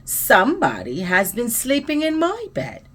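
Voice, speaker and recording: A woman voicing a gentle, sweet-voiced mother bear in a storybook read-aloud. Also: fairly high pitch, huge pitch swings, unhurried, breathy edge, exaggerated voice. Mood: exclaiming.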